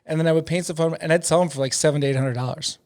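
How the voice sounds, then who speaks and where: A man's voice: fairly high pitch, fairly even intonation, very fast, a little mellow. A middle-aged man, a comedian guest telling rambling, profane stories in a casual interview, laughing often.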